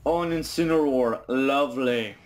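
A man's voice: mid-range voice, moderate pace. A young man commentating on his own online matches, frustrated and swearing a lot as he rants. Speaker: gaming YouTuber. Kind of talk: gameplay commentary. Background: faint game music.

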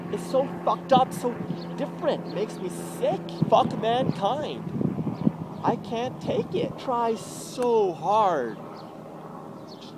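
A man's voice: fairly high pitch, noisy background. A man delivering a bitter, agitated confessional vlog monologue with heavy swearing, recorded outdoors by a road.

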